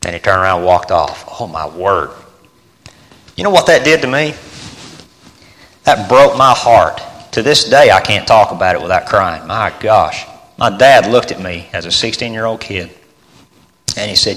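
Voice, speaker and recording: Earnest preacher in a reverberant hall. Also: male voice, on the low side, fairly quick. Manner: earnest storytelling, swings from hushed to rising emphasis. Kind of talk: sermon with personal story.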